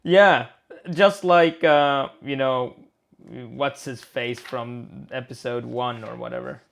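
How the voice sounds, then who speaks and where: A man's voice: medium pitch, steady tone, slow, vocal fry. A man co-hosting a live game design stream, chatting in a rambling, playful way and searching for words aloud. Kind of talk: casual chat.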